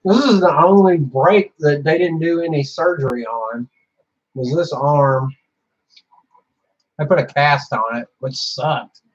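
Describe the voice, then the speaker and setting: Profane rambling man, slightly high voice. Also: a little slow, long pauses. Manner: profane, rambling, frequent fillers. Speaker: vlogger. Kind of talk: casual storytelling monologue. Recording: dull lo-fi sound.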